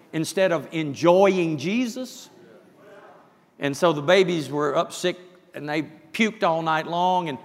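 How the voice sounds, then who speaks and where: A man preaching a sermon, swinging from soft, quiet asides up to loud shouted passages. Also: a little high, in a large hall. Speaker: pastor.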